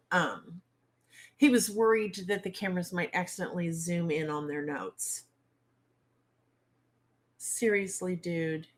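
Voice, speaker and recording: A woman hosting a casual livestream chat, blunt and outspoken, with salty turns of phrase and questions thrown straight to her viewers. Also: fairly low pitch. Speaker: author and livestream host.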